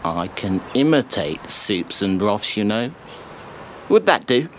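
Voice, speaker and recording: A man's voice: fairly low pitch, sing-song, takes it slowly, a little hiss or hum. An actor playing an odd, overly friendly man who imitates soups, talking in a smarmy, self-satisfied way and making slurping sounds. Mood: ingratiating.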